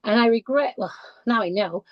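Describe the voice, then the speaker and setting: A woman guest on a podcast, telling her own story in a halting, heartfelt way with many restarts and fillers. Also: a little high, no room sound, lo-fi sound. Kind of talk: personal conversational storytelling. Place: lives in the English countryside.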